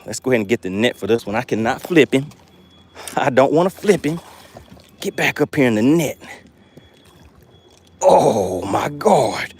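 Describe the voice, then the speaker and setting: A man hosting a live fishing stream from a boat on a lake, chatting with viewers and getting excited over his catches. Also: mid-range voice, unhurried, pauses often, a little hiss or hum. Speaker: fishing livestream host. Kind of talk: live fishing stream, reading chat aloud.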